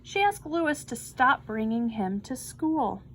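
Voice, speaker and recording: A woman reads a children's picture book aloud with expressive storytelling. She speaks slowly in a high voice. Her delivery is gentle read-aloud narration. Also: slight background noise, rough recording. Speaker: storybook reader.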